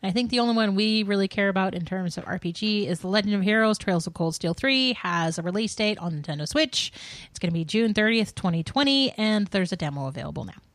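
A woman talking on a close mic with a dry, deadened sound and an ordinary mid-range pitch. She co-hosts a casual gaming podcast and runs through the news in a loose way, with lots of "um" and "like" as she goes. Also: expressive, fast, no echo. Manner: chatty, filler-heavy, many "um" and "like".

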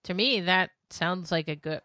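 A woman co-hosting a gaming podcast in casual chat, brisk and blunt. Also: lowish voice, bright, forceful tone, dry recording, clean studio sound. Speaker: podcast co-host.

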